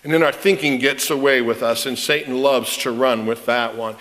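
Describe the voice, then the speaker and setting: A man preaching a sermon as a pastor, telling stories in an animated way and repeating words as he starts phrases. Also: mid-range voice, normal speed, hardly any pauses. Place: church sanctuary. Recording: reverberant church sanctuary.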